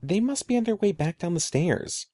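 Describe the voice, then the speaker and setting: A man voicing a young girl, an older sister who calms and gently teases her little brother. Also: high-pitched, normal speed, no echo, clean studio sound, voice pushed up. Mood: reassuring. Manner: reassuring, gently teasing.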